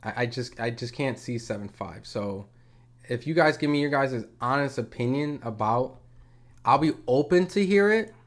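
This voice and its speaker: A man's voice: mid-range voice, expressive, moderate pace. A man commenting on a boxing match in a livestream. He talks casually, swears, and argues with viewers' comments. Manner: conversational, profane, argumentative.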